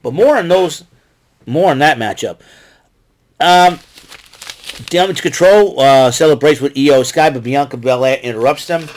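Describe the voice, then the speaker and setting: A man with a somewhat high voice hosts a casual solo recap of wrestling. He rambles through his notes with fillers and restarts and gets excitable, talking straight back to the wrestlers he describes. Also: measured pace, long pauses. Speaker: podcast host recapping wrestling.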